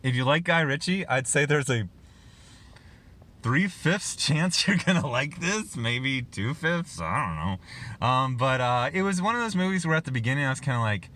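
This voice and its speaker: A man's voice: mid-range voice, big pitch swings, normal speed, pushed and bright. A man casually reviewing a film on his own channel, rambling with lots of fillers and restarts and chuckling as he talks.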